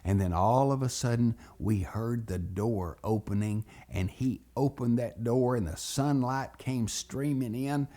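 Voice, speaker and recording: A man's voice: mid-range voice, a little slow, hardly any pauses. A man telling a childhood story as a lesson for children, acting out every voice. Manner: animated, acts out voices.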